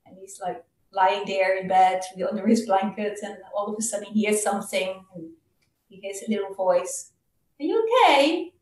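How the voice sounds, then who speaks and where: A woman casually retelling a Buddhist story during a Dhamma talk, halting and full of fillers. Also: medium pitch, level tone, darkish tone. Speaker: Dhamma speaker. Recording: roomy, distant mic.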